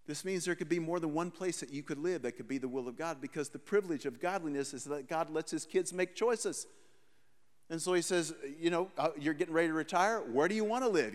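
A man's voice: a little high, big-room sound. A man preaching a sermon, reading scripture and retelling it in a loose, joking everyday voice. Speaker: pastor.

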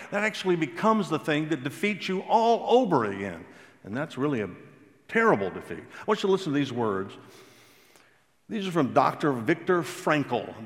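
A man preaching a sermon, telling stories and stressing key words slowly and emphatically. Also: medium pitch. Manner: storytelling, emphatic with slow drawn-out stresses. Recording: long hall reverb.

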